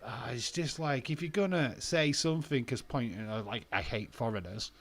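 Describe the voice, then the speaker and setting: A man's voice: medium pitch, lively intonation, normal speed, a bit bright. A young man casually chatting on a live stream, reading out viewer comments, laughing often and swearing now and then. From England.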